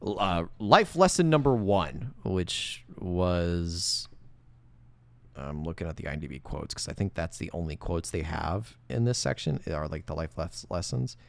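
A man co-hosting a casual movie podcast, recapping scenes with profanity and animated rants. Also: deep voice, a little slow, vocal fry. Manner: animated, profane, swings into loud mocking rants. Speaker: podcast co-host.

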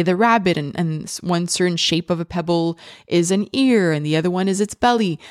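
Chatty, lower-voiced woman podcast host. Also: no room sound, clean studio sound. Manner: chatty and enthusiastic, with frequent fillers and restarts. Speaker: parent of young children. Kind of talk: casual podcast monologue.

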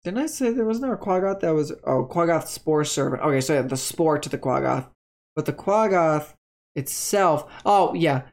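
A chatty, upbeat host walks through tabletop game monster stats in a loose, rambling flow. They stop mid-thought to correct themselves and then carry on. The voice sits at a middle pitch. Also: animated, moderate pace. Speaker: tabletop game content creator.

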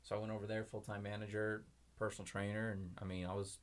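Young adult male guest, low-pitched, quick, chatty storyteller. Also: flat delivery. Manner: rambling storytelling with many fillers. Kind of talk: casual podcast chat.

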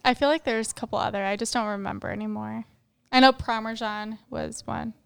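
A woman with a fairly high, smooth and clear voice chats casually as a podcast co-host. She laughs often and fills her sentences with "like". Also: fairly even intonation, fairly quick. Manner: giggly, lots of "like" fillers. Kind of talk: casual chat.

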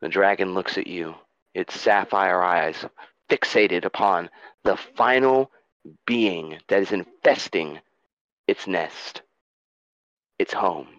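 Male game master, slow dramatic narration, dull, dry recording. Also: sits low, a bit bright, dry recording.

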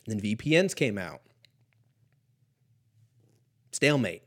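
A man's voice: on the low side, sing-song, fast, husky. Rambling, slightly stoned man talking. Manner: profane, meandering, laughs at own jokes. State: a little stoned. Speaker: podcast host. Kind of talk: rambling comedic monologue.

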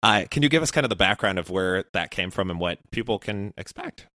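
A man hosting an interview, asking friendly, relaxed questions. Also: fairly low pitch, brisk, no room sound, clean studio sound. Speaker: podcast host.

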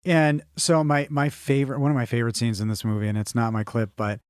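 A man's voice: medium pitch, flat delivery, fast talker, smooth, no room sound, clean studio sound. A man co-hosting a movie podcast in casual chat, loose and profane, rambling with enthusiasm. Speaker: podcast co-host.

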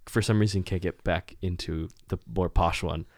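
A man's voice: deep voice, steady tone, normal speed, dry recording, studio quality. A young adult man chatting as a podcast guest, easygoing and self-deprecating, laughing often. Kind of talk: casual chat.

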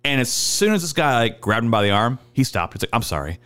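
A man's voice: a little fast, clear, resonant tone. A man in his thirties telling stories in casual chat, swearing freely and acting out the people in them. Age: 30s. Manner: animated, acts out the people in his stories with big pitch jumps; swears a lot. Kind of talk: casual storytelling.

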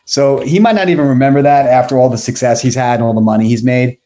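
A man's voice: mid-range voice, fast, warm tone. A man in his forties from South Florida, a podcast guest telling a long story casually, rambling and correcting himself as he goes.

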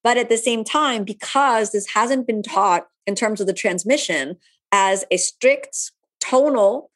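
A woman yoga teacher answering viewer questions in a live online session. She talks in a relaxed, chatty way with many asides. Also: mid-range voice, unhurried.

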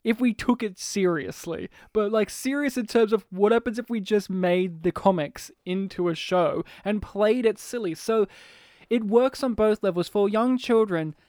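A man in casual chat, talking fast and animatedly, laughing often and swearing casually. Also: high-pitched, darkish tone, dry recording, clean studio sound. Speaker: podcast co-host discussing a film.

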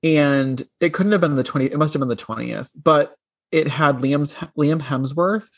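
A man's voice: on the high side, normal speed, no echo, clean studio sound. A man co-hosting a podcast, chatting casually about a film and laughing easily. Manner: chatty, giggly, reads a film speech aloud in a mock-solemn tone. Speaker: podcast co-host.

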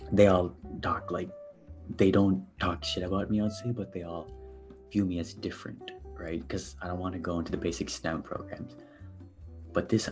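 Deep-voiced young man, earnest and hesitant. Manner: earnest, hesitant, many fillers. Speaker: podcast guest. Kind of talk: personal storytelling on a podcast.

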